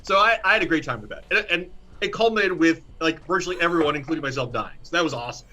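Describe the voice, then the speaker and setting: Bright, genial male player. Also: fairly high pitch, rapid-fire, poor audio. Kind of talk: casual chat.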